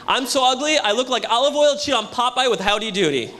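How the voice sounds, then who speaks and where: A young man doing a brash stand-up comedy set with loud crowd work at a hotel show. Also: extremely high pitch, big pitch swings, fast. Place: hotel comedy show before a live audience. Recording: live room with audience.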